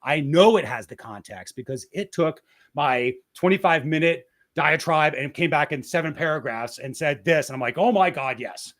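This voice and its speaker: A man's voice: a little high, normal speed, a bit bright. A man talking as a guest in a casual interview, explaining a process step by step with frequent restarts and "right?" tags.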